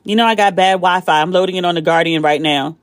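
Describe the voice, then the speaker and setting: A woman hosting a casual chat show, talking in an animated way, swearing freely and jumping high in pitch when excited, recorded on her phone. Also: quick pace, dry recording. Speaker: podcast host.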